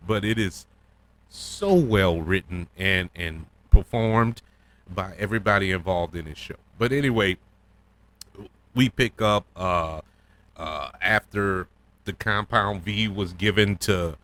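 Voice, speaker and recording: A man hosting a casual solo review podcast, talking in an excitable, rambling way with plenty of fillers and restarts. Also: low voice, takes it slowly. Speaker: podcast host reviewing a TV episode.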